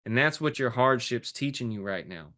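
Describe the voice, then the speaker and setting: A man's voice: medium pitch, lively intonation, normal speed, sharp tone. A man, a fitness and life coach as a guest, talking emotionally and intensely in an interview, swearing now and then. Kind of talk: impassioned interview talk.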